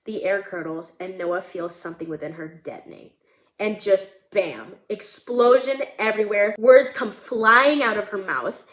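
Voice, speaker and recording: A woman vlogger talking casually and emotionally about her screenplay, with lots of "like" fillers. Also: medium pitch. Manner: emotional, animated, many fillers like "like". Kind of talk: casual chat. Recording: roomy echo.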